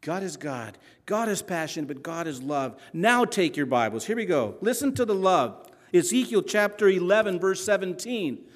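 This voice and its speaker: A man preaching a sermon dramatically, dropping to a hush and then rising loud, and arguing with imagined listeners. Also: high voice, expressive, moderate pace, few pauses. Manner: dramatic, swings between hushed and loud. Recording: long hall reverb.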